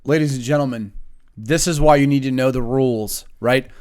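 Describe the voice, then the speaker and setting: A man's voice: medium pitch, brisk, a little mellow. A young man hosting a casual podcast, telling stories and acting out the people in them. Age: young adult. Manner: profane storytelling with quoted voices. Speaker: podcast host. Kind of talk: casual chat.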